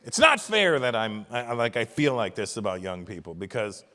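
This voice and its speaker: A man's voice: on the low side, animated, normal speed, sharp tone. A man in his fifties doing stand-up comedy on a stage mic in a large venue, ranting in an exasperated, profane way. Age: 50s. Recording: live hall reverb.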